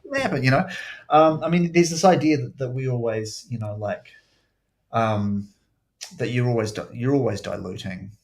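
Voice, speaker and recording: Animated, rambling man hosting a podcast. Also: medium pitch, moderate pace. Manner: rambling, animated storyteller who swears freely. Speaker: podcast host. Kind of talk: casual podcast chat.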